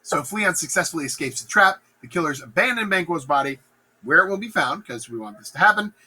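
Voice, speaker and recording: A man's voice: on the high side, lively intonation, a little fast, bright, forceful tone, breathy edge, poor audio. A man casually summarizing a play as a teacher, playful and joking as he talks. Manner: playful, acts out characters in silly voices. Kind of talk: casual plot summary lecture.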